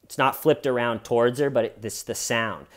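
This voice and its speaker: A man breaking down an interrogation in a loose, chatty way. He is animated and wry, with dry dark humor, and often slips into quoting the people he talks about. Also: mid-range voice, normal speed. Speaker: true crime commentator. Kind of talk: casual video commentary.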